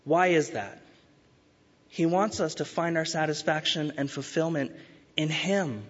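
A man preaching a sermon as pastor, earnest and urging, slowing to stress key words. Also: fairly high pitch. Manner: earnest, urging, with emphatic rises and slow stresses. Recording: dull sound with long hall reverb.

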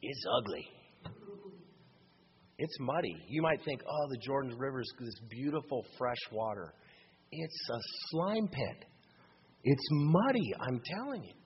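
Preacher man in an echoing hall. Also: fairly high pitch. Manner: dramatic, swings from loud emphasis to hushed. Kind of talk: sermon with scripture reading. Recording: dull sound with long hall reverb and faint hum.

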